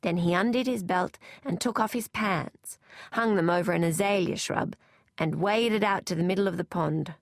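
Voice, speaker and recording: A woman narrating a novel aloud in first person, in a measured, even manner. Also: on the low side, no room sound, clean studio sound. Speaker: audiobook narrator.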